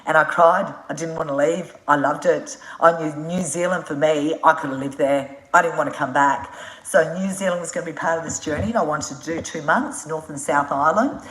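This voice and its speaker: A woman's voice: low voice, a little fast, a bit bright, reverberant, rough recording. An Australian woman chatting frankly on a live stream, answering viewer questions about her motorcycle travels, swearing and laughing as she talks. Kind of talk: casual live-stream chat.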